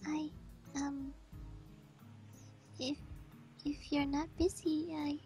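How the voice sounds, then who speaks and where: Shy teen girl, stammers every word, high and slow, read by a male let's-player. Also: little pitch movement, dark tone, soft background music, heavily acted. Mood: timid. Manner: stammering, hesitant. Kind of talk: reading a visual novel aloud.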